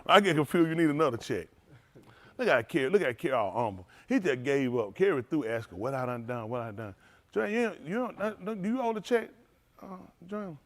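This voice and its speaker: A male preacher ribs his congregation in loose, laughing banter. His voice sits fairly high for a man and swings widely in pitch as he teases. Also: big pitch swings, fairly quick. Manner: playful teasing, laughing often. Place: synagogue hall, livestream.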